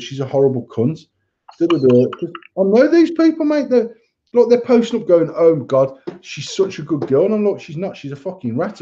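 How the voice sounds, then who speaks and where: A man's voice: on the high side, dark tone. A man co-hosting a podcast, ranting bluntly in casual chat and swearing a lot. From England. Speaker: podcast co-host. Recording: dull lo-fi sound.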